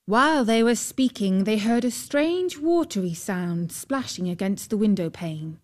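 A woman narrating a fairy tale in a calm, measured storytelling manner. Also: medium pitch.

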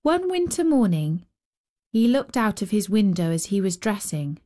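A woman hosting a storytelling show, reading a children's story in a slow, expressive narration. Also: mid-range voice. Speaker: storyteller host. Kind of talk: scripted narration.

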